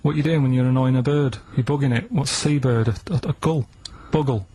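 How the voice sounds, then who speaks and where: A man's voice: medium pitch, fast talker, mellow, a little hiss or hum. Hesitant, plodding man on radio. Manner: plodding, hesitant, repeats himself. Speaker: radio show regular. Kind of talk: casual radio banter. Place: radio studio.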